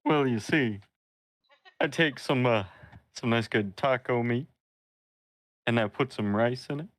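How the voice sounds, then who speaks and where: A man's voice: mid-range voice, measured pace, a bit bright, no echo. A man playing his character in a tabletop role-playing game, laid-back and joking, with lots of hesitations. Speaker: player.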